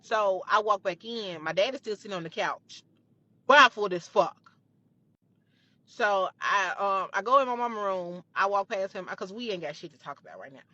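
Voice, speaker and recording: A young woman recounts a story from her own life in a bright, forceful voice. She talks emphatically, swears freely and circles back over the same phrases. The recording is dry and a little dull. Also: medium pitch, animated, moderate pace, no echo. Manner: emphatic, profane, repeats phrases. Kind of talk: storytime retelling.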